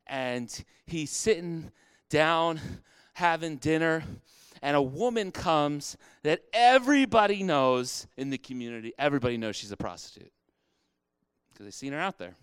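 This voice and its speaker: A man preaching a sermon, talking to his congregation in a conversational way and circling back to repeat key phrases. His voice is clear and resonant, and it sounds close and dry, with no room echo. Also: mid-range voice. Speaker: pastor.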